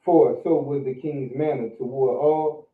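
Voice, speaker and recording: A man's voice: medium pitch, steady tone, unhurried. Man reading scripture in an echoey room. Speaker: class member reading scripture. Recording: echoey room, distant phone-like mic.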